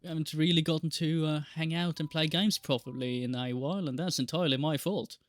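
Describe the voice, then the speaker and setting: A man's voice: fairly high pitch, fairly even intonation, brisk, no room sound. A man casually chatting while streaming a game live, rambling and joking with frequent laughs and the odd swear. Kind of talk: casual live gameplay chat.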